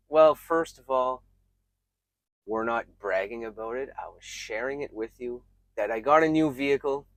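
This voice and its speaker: A man talks through relationship advice in an earnest, reflective self-help style. His pitch sits in an ordinary middle range, and he leans on words for emphasis with frequent pauses. The recording is dry, with no room sound. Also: lively intonation, dry recording. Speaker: self-help video creator.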